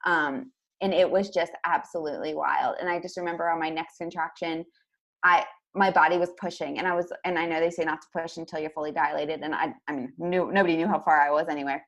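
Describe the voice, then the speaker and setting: A young woman telling a story as a podcast guest, in a rapid, casual way full of fillers like "like". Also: low-pitched, fairly even intonation. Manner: rapid, filler-heavy, peppered with "like".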